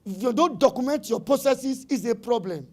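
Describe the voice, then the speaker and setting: With a Nigerian accent and an extremely high-pitched voice at normal speed, a middle-aged man gives an animated conference talk to business owners at a summit. He is emphatic and repetitive, slipping into pidgin phrases.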